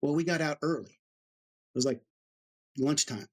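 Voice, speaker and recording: A man's voice: a little high, measured pace. A middle-aged American man, an Army veteran, telling stories casually in an interview and acting out the voices of the people he quotes. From United States. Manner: animated storyteller, acts out quoted voices.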